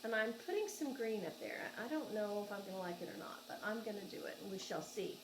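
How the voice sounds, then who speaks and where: At home, a woman with an Oklahoma accent unboxes yarn for her crochet vlog, chatting casually, gushing, and thinking out loud. Her mid-range voice has lively intonation and moves fast, with background noise present.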